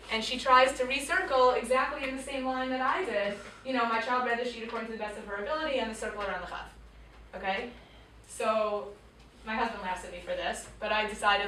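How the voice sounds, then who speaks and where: Lady teacher telling a story to students, kinda high voice, sounds far off in a roomy hall. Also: slight background noise. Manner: animated storyteller, acts out voices, drops to quiet tones. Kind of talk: storytelling talk to a school audience. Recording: echoey room picked up from far off.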